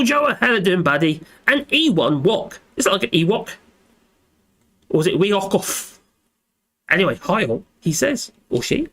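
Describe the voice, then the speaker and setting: A man's voice: high-pitched, a bit bright. A man hosting a casual live stream, chatting in a rambling way and tagging his lines with little repeated phrases.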